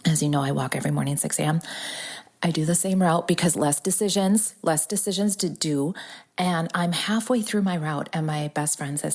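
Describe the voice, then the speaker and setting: Low, gravelly Midwestern woman in her forties, upbeat solo podcast host. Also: brisk, darkish tone. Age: 40s. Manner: bubbly, chatty, drops into breathy asides. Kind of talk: casual solo podcast chat.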